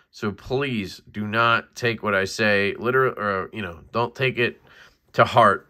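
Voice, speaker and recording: A man with a bright, forward voice chats his way through a knife unboxing. He rambles, restarts his sentences and fills the gaps with "um" and "right?". He keeps shrugging off his own skills with easy self-deprecation. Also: medium pitch. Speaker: knife reviewer. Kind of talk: casual unboxing vlog.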